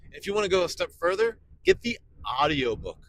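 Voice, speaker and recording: A man's voice: on the high side, big pitch swings, a little fast, a bit bright, a little hiss or hum, poor audio. A man in his forties, a pastor, giving casual podcast talk in an enthusiastic, emphatic way and repeating key phrases. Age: 40s.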